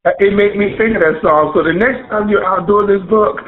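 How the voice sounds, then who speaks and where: A man's voice: high-pitched, brisk, over a noisy crowd. A man with a Southern US accent hosting an online radio interview, introducing his guest with playful, effusive hype and folksy slang. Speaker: radio show host. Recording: tinny phone-line audio.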